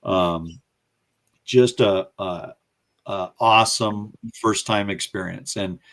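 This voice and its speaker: A man's voice: on the low side, takes it slowly, gravelly. A man in a casual interview, telling a story with energy and acting out the voices of the people he quotes. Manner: animated storyteller who acts out quoted voices. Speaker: guest recounting his career.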